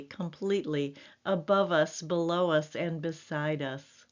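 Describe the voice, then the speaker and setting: A woman pastor giving a devotional sermon in a gentle, earnest, reflective way. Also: on the low side. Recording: slightly dull lo-fi recording.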